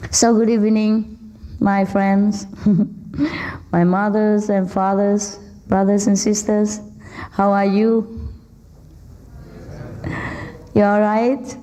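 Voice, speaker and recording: Slow, mellow, playful woman teacher. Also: medium pitch. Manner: playful, teasing, laughs often; non-native English with simple grammar. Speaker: spiritual teacher. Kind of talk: informal dharma talk to an audience. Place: hall with a seated audience.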